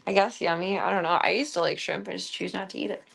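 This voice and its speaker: A young woman chats casually on her stream while feeding her pets, with a gravelly edge to her voice. She keeps up a chatty patter and calls to the animals in a high coaxing tone. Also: fairly even intonation, quick pace, a little hiss or hum.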